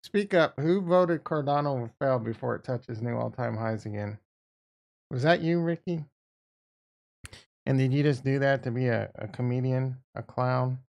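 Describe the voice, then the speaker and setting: A male livestream host with a gravelly, creaky edge to his voice, riffing loosely with his viewers. He talks in a casual, excitable way and swears freely. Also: medium pitch, normal speed. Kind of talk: casual livestream chat about trading.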